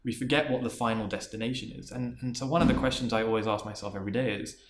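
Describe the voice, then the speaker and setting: A man's voice: mid-range voice, fairly even intonation, quick pace, echoey room. A man, a marketing executive and interview guest, sharing a career story in an earnest, reflective way, often restarting and repeating words.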